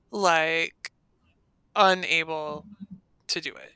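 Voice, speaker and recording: Chatty woman co-host, very bright and crisp, dry close sound. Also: mid-range voice, moderate pace, no room sound. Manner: chatty, says "like" a lot. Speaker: podcast co-host. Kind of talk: casual podcast chat.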